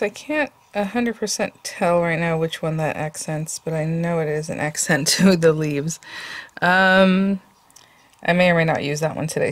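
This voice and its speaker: Low-voiced woman chatting through a craft tutorial. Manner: chatty, thinking aloud with many ums. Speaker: papercraft channel host.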